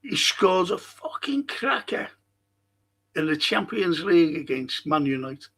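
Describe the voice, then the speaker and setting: A man's voice: on the high side, big pitch swings, unhurried, vocal fry, a bit bright, husky. A man hosting a football fan stream, ranting angrily and swearing in a rambling monologue. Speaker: football fan show host.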